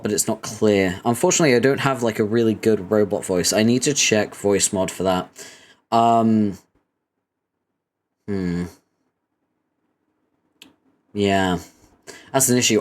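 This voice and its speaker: A man streaming a webcomic reading who talks casually, swears freely and laughs often. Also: on the low side.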